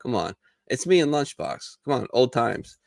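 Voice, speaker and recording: A man's voice: medium pitch, sing-song, moderate pace, gravelly. A man hosting a casual veterans' talk show, swearing freely and acting out the voices in his stories. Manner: profane, storytelling, acts out quoted voices. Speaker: podcast host. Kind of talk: casual bar chat.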